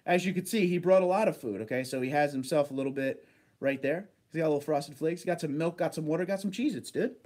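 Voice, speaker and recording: Chatty man hosting a livestream, higher voice. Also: quick pace, darkish tone. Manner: laid-back, chatty, laughs easily. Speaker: livestream host reading chat. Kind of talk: casual chat.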